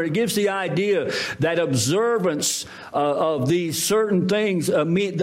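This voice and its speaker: A man preaching a sermon, telling a story in an animated way with quoted voices. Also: high voice. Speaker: pastor.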